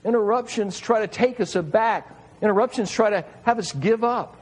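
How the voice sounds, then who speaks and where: Preacher, male, husky and fairly high voice, earnest and emphatic sermon delivery. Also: normal speed, poor audio. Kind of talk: sermon reading and explaining scripture.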